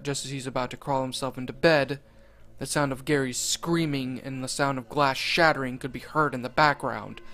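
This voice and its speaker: A man reading a horror story aloud, deliberate and dwelling on grisly details. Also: medium pitch, fairly bright tone. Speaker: narrator. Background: faint music.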